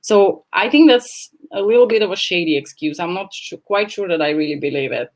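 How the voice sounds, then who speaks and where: A woman's voice: fairly low pitch, animated, a little fast. A woman hosting a casual livestream from home, rambling and blunt, speaking into a laptop microphone. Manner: chatty, rambling, blunt and swearing. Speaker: livestream host. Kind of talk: casual chat. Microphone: laptop camera mic.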